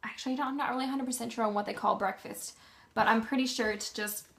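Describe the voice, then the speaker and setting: A woman's voice: fairly high pitch, fairly even intonation, quick pace, gravelly, a bit bright. A young woman vlogging in a casual, rambling way, full of ums and self-corrections. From Canada. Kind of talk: casual chat.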